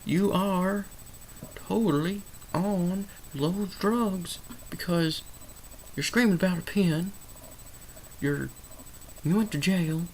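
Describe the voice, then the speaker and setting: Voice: medium pitch, slow, long pauses, a little mellow, a little hiss or hum, poor audio. A vlogger putting on an exaggerated, over-the-top accent to play a blustering dad figure who keeps repeating himself. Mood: mocking. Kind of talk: mocking impression within a movie review.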